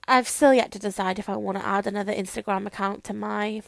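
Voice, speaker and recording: A woman's voice: mid-range voice, steady tone, a little fast, creaky, hardly any pauses. A young Welsh woman hosts her own podcast, rambling along in a chatty, self-deprecating way. She talks into a microphone while lying on her bed. The sound is dry and close, with no room echo. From Wales. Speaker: podcast host. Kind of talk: casual chat.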